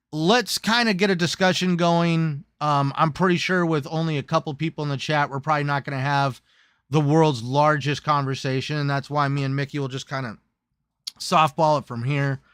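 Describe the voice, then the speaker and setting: A man hosting a casual gaming chat show, lively and joking, who slips into silly put-on voices now and then. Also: a little high, moderate pace, clean tone, no room sound, studio quality. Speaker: host.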